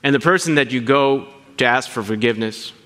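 A man preaching a sermon, animated and asking his listeners questions as he teaches. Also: medium pitch, brisk, in a large hall. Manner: animated, asks the congregation questions. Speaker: pastor.

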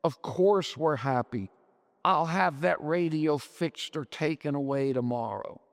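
A man reads aloud as a weary middle-aged husband, exasperated and bitter. The voice is gravelly and unhurried. Long hall reverb surrounds it. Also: very high-pitched, big pitch swings, heavily acted. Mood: tired. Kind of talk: dramatic reading of a short story.

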